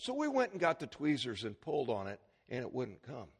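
A man's voice: medium pitch, expressive, normal speed, hardly any pauses, husky. A middle-aged man preaching a sermon as pastor, telling anecdotes and acting out the voices in them. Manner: storytelling preacher, acts out voices in his anecdotes.

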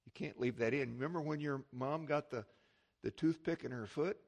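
A middle-aged man, a pastor, preaches a sermon at normal speed in a medium-pitched voice. He tells anecdotes as a storytelling preacher, acting out the voices of the people in them.

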